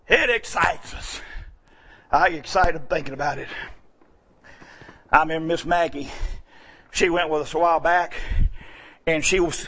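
High bright preacher man. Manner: folksy, swings between quiet asides and shouting. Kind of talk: sermon storytelling.

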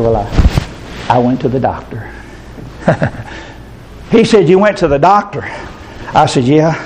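A man's voice: on the high side, darkish tone, slight background noise, low-quality recording. A man preaching a sermon, telling a story in a folksy way and acting out the dialogue before leading a prayer. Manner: folksy storytelling, acts out dialogue in shifting voices. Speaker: pastor.

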